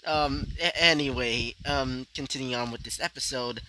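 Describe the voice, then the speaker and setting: Casual fan-fiction narrator, male, rambling with asides, bright tone. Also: mid-range voice, normal speed, slight background noise, low-quality recording. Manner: rambling, filler-heavy, ranting asides.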